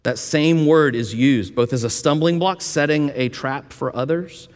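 Pastor preaching in a reverberant church. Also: male voice, a little high, measured pace. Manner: conversational preaching with folksy asides and frequent restarts. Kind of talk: sermon. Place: church sanctuary. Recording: long reverb of a church hall.

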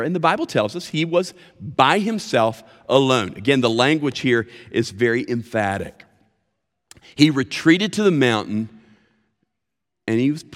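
A man preaching a sermon as pastor, expressive and emphatic, with deliberate pauses. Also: mid-range voice. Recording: reverberant hall sound.

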